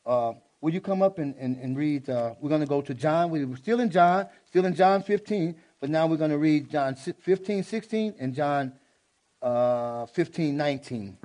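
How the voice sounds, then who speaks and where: A man's voice: fairly high pitch, lively intonation, normal speed, a little mellow. A man preaching a sermon in a folksy, exclaiming way. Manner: folksy, exclaiming, prone to laughter.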